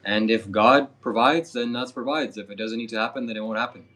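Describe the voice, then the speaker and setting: A man who hosts spiritual retreats, speaking calmly and earnestly with hesitant fillers. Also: mid-range voice, fairly quick. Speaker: spiritual streamer and retreat host. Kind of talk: casual chat.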